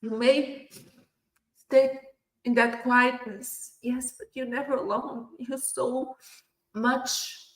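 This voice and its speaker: A woman's voice: high voice, flat delivery, slow. A woman giving a motivational keynote over a video call, repeating her phrases and affirming them with frequent "yes". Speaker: keynote speaker at a virtual summit. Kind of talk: motivational speech. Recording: roomy echo.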